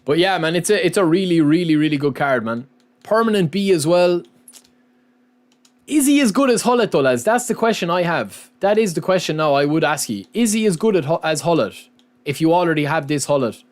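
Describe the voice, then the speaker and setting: A man with a slightly high voice chats casually on his live stream. He keeps calling his viewers lads and man, thanking them as he goes. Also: expressive, fairly quick. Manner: chatty, says lads and man often.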